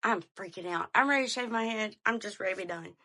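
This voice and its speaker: A woman, hosting a podcast and telling a story in a casual, animated way. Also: mid-range voice, fast. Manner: animated, chatty, addresses listeners as y'all. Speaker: podcast host.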